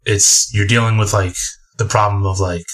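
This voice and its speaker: Low-voiced young man in casual chat. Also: steady tone, normal speed, fairly bright tone. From United States. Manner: rambling, many fillers and restarts. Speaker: guest, bagpipe band leader.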